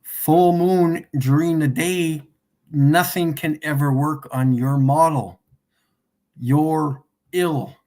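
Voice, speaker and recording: Slow-talking mocking male streamer. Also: fairly high pitch, steady tone, a little mellow. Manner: mocking, laughs often at his own points; repeats himself slowly for emphasis. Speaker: livestream host. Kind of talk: casual livestream demonstration.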